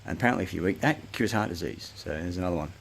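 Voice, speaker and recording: A man's voice: deep voice, expressive, rapid-fire, gravelly, slight background noise. An Australian man delivering a rambling, agitated, swear-laden monologue to the camera. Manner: profane, agitated, rambling ranting. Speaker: self-recorded speaker.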